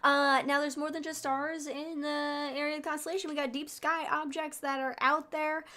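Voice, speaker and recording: A woman's voice: sits high, little pitch movement, fairly quick, pushed and bright. A woman co-hosting a casual astronomy podcast, explaining sky objects in a rambling, chatty way with lots of fillers. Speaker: podcast co-host presenting sky events. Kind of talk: casual chat.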